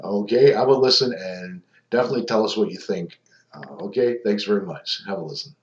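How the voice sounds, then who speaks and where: Brief: low-pitched male paranormal investigator, rambling casual narration, echoey muffled recording. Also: a little fast. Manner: rambling, many ums and restarts. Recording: echoey, dull lo-fi sound.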